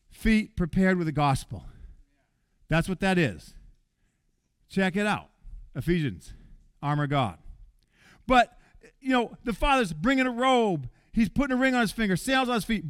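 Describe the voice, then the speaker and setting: A man preaching a sermon in an animated way, jumping between loud bursts and quiet asides. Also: high-pitched, normal speed, dry recording, clean studio sound.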